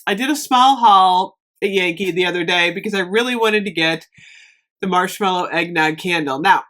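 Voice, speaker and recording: A woman's voice: on the low side, normal speed, a bit bright. A woman chatting casually in a product review vlog, rambling with frequent ums as she talks to the camera. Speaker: candle review vlogger.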